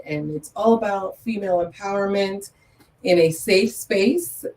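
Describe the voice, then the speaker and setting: A woman guest speaks earnestly in a lowish, mellow voice and repeats her key phrases for emphasis. She sounds a bit far from the mic. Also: slight background noise. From Metro Atlanta area. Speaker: guest, photographer and business owner. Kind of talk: interview talk.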